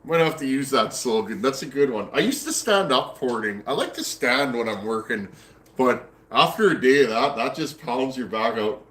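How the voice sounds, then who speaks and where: Canadian guy in his shop chatting away to his stream viewers, mid-pitched voice, echoey room. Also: animated, moderate pace, fairly bright tone. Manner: folksy, rambling, answers chat comments aloud. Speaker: chainsaw builder hosting a live stream. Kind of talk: casual live-stream chat. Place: home workshop.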